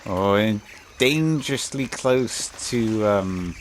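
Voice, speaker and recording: A man rambles through casual gameplay commentary, hesitating and restarting often. His voice sits a little low. Faint background noise runs under him. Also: animated, takes it slowly.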